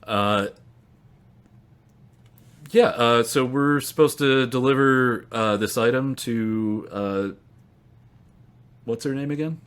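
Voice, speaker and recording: A man playing a tabletop game, joking and relaxed. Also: medium pitch, takes it slowly, pauses often, smooth. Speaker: player. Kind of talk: tabletop role-play.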